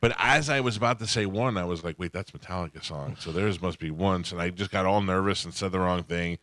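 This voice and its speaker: A man's voice: low-pitched, a little fast, fairly bright tone, no room sound. A man hosting a radio show, telling rambling self-deprecating stories in casual studio chat and laughing often.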